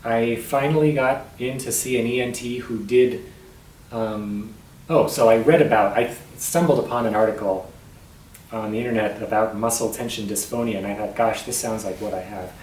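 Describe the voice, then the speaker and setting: A man speaks in a tight, strained voice that catches in his throat as he tells his story. He starts over often and clears his throat, and he sounds set back from the mic in an echoey room with a faint hiss behind him. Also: fairly low pitch, steady tone, a little mellow, recorded from a distance. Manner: halting, with frequent restarts and throat clearing. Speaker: vlogger sharing his voice disorder. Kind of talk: personal vlog storytelling.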